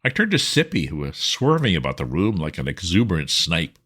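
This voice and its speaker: Deep-voiced man reading a classic. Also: wildly swooping pitch, brisk, fairly bright tone, slightly rough. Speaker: narrator. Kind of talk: audiobook reading.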